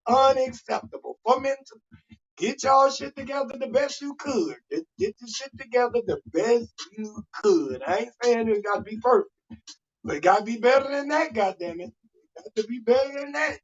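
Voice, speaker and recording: Husky-voiced comedian guy ranting on a live stream, muffled lo-fi sound. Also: very high-pitched. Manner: animated, loud outbursts and mock-indignant rants. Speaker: comedian hosting a live show. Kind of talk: profane comedic storytelling. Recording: dull lo-fi livestream audio.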